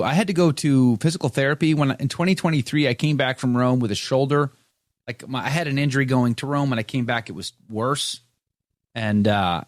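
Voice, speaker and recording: Man hosting a casual talk show, animated storyteller, mid pitch, dry close sound. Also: no room sound. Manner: animated, mimics others in storytelling. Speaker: host. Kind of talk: casual live-show chat.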